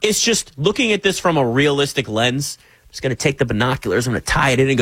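Male sports talk host, animated and teasing, dry studio mic. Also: mid-range voice, fast, breathy edge, no echo. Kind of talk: casual sports talk show. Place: radio studio.

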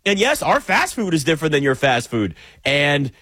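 Male sports commentator, animated sarcastic monologue, fairly high voice, dry recording. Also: moderate pace, slightly rough, no echo. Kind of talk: opinion monologue.

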